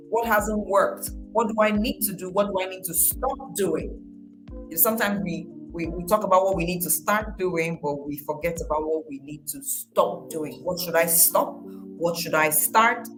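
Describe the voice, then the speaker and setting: A woman's voice: on the low side, normal speed, faint music behind, poor audio. A woman giving a casual motivational talk, speaking conversationally, repeating her phrases and acting out quoted voices.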